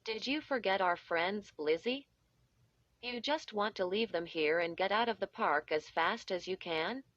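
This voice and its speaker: A woman's voice: mid-range voice, expressive, unhurried, fairly bright tone, no echo, dull audio. A woman reading a scolding young girl. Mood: reproachful. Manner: scolding, impatient. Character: sharp-tongued young girl.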